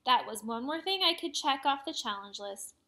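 A woman reads a children's chapter book aloud. Her voice sits a bit high, and she tells the story in a lively, expressive way. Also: moderate pace. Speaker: reader.

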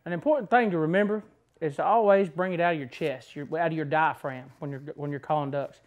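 A man's voice: a little high, quick pace. A man telling folksy stories and tips about calling ducks. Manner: folksy, rambling. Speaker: duck caller. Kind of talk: storytelling and advice.

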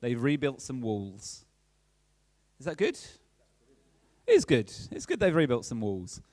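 A man's voice: mid-range voice, wildly swooping pitch, a little slow, a little mellow, no room sound. A man preaching a chatty, playful sermon and keeping in touch with his congregation. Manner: chatty and playful, keeps checking in with the audience.

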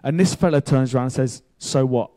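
A man preaching a sermon in a casual, chatty way, telling a story with excitable bursts. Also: medium pitch, fairly quick. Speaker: pastor.

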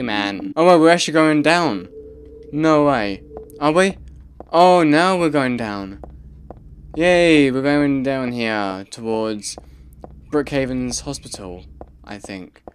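A man giving casual gameplay commentary, reacting out loud and muttering to himself as he plays. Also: medium pitch, a little hiss or hum. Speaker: let's play gamer.

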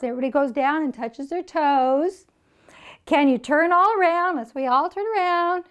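A woman's voice: high voice, moderate pace, fairly bright tone. A woman teaching a children's action song, explaining the steps in a playful way and making animal sounds for kids. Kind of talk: friendly song demonstration.

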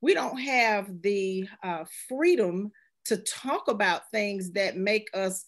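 A woman doctor as a guest in casual conversation, explaining in a measured way. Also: medium pitch.

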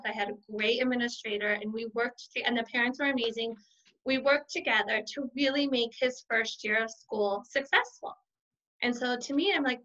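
A middle-aged woman kindergarten teacher giving casual interview answers, animated and acting out the quotes in her stories. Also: on the high side. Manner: warm, animated storyteller who acts out quotes. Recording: dull lo-fi sound.

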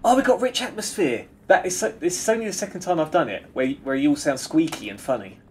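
Male streamer: chatty, giggly, rambling, very animated delivery. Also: a little high, fast talker, a little hiss or hum. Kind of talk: casual gameplay chat.

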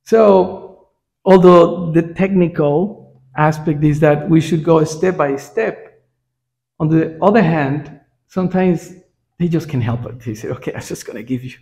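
A man's voice: a little high, measured pace, creaky, darkish tone. A man teaching a scripture class in a temple, in a conversational way that keeps checking in with his listeners. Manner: frequent "right?" check-ins with listeners.

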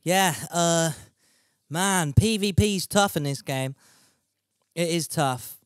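A man's voice: a little high, takes it slowly, no room sound, clean studio sound. Chatty, sweary man streaming a game. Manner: chatty and sweary, laughs at himself. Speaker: gaming streamer. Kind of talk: casual live-stream chat reading out viewer messages.

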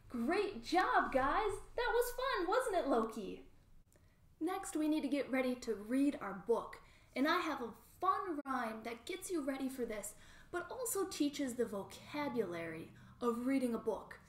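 A woman's voice: high voice, very animated, unhurried, reverberant. A woman librarian leading a baby lap-sit storytime from home, talking cheerfully and singing rhymes. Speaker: children's librarian. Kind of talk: storytime lesson with songs and rhymes.

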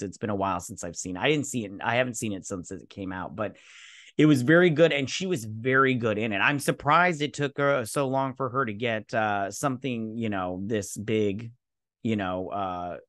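A man of medium pitch hosts his own fan news channel. He reads an article aloud and comments on it loosely, with plenty of fillers and false starts. His voice is close and dry, with no room sound. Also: pushed and bright, no room sound. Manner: chatty and rambling, with many fillers and restarts. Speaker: host of a geek news channel. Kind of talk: casual reaction video, reading news aloud.

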